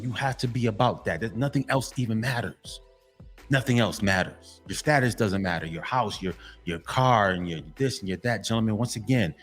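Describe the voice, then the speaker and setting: A man giving a preachy, emphatic monologue to men, repeating himself and addressing them again and again. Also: medium pitch. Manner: emphatic, repetitive, keeps saying gentlemen. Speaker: motivational vlogger.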